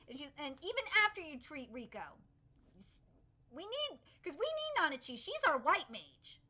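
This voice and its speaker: A young woman hosting a live anime reaction, excitable and rambling, swearing freely as she comments. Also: high voice, dull audio.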